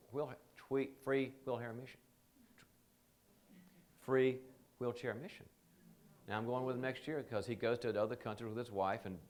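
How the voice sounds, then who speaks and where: A man teaching a live training seminar in a conversational, joking way, often slipping into quoted voices. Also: lowish voice.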